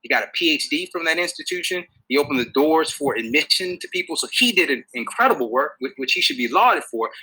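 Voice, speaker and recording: A man giving a public talk to an audience, animated and full of rhetorical questions. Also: fairly high pitch, breathy edge, poor audio. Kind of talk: public lecture.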